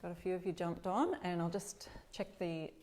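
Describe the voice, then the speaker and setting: A woman's voice: fairly low pitch, normal speed, a little mellow. Chatty Australian woman hosting a craft live. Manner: chatty, greets viewers by name. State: slightly stuffy, clearing throat. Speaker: DIY craft host. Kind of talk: casual live-stream chat. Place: home workshop.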